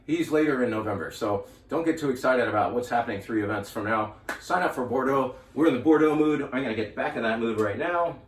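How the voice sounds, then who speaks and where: A man's voice: medium pitch, animated, quick pace, few pauses, far from the mic, slight background noise. A man hosting a casual video for his wine shop, chatty and enthusiastic, laughing at himself now and then. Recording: roomy echo, from off-mic.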